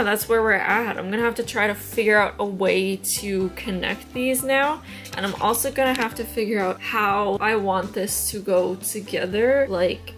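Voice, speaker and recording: A woman's voice: medium pitch, a bit bright. A young woman talks in a casual, meandering way, often doubting herself and laughing it off. Her voice sits in an ordinary middle range, and faint music plays underneath. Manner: chatty, rambling, self-deprecating. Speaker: crochet vlogger. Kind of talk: casual voice-over narration.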